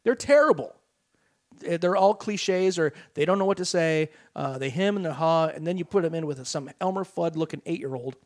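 A man's voice: fairly high pitch, animated, moderate pace. A man co-hosting a sports talk radio show, ranting animatedly in casual chat with frequent restarts. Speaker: radio co-host.

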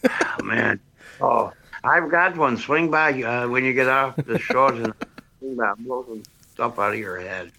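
A man's voice: mid-range voice, a little slow, creaky, bright, forceful tone. An older man, a priest calling into a radio show, chatting and teasing in a folksy way. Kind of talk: casual phone chat.

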